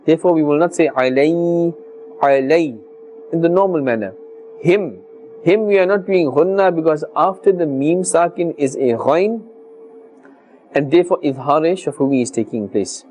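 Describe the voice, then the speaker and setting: A man teaching Quran recitation on a televised religious lesson, speaking formally and earnestly and sounding out letters slowly and carefully. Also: a little high, lively intonation, darkish tone, a little hiss or hum.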